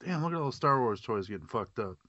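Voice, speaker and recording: Brief: man, bright voice, profane and blunt, dry close lo-fi sound. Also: mid-range voice, lively intonation, fast, no echo. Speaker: commentator riffing on a film. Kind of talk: casual group movie commentary. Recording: dry, lo-fi podcast audio.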